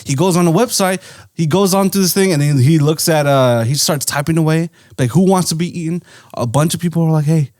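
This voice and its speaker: A man's voice: a little high, a little fast, darkish tone, no echo, clean studio sound. A man co-hosting a podcast, casually retelling a story in a rambling way with lots of swearing and "right?" tags. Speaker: podcast co-host. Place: indoor podcast studio.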